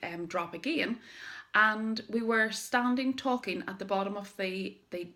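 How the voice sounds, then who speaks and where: A middle-aged woman speaking to camera at a medium, even pitch. She tells a motivational personal story with lively emphasis and dramatic pauses. She sounds like a direct-sales business owner encouraging her team.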